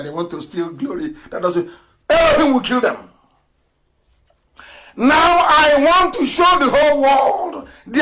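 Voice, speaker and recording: On a political radio broadcast, a middle-aged man with a high voice rages fierily, mocking his opponents and bursting into shouts and laughter.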